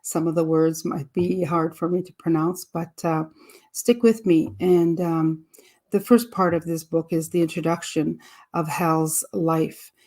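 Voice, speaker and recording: A woman's voice: low-pitched, a little mellow. A woman with a French accent reading a book aloud in a casual, hesitant way, with many fillers and restarts. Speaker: audiobook reader.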